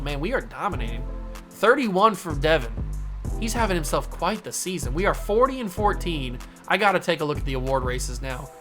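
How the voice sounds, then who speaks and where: A young man hosting a gaming channel, commenting casually on his basketball video game and breaking into excited play-by-play shouts at big plays. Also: a little high.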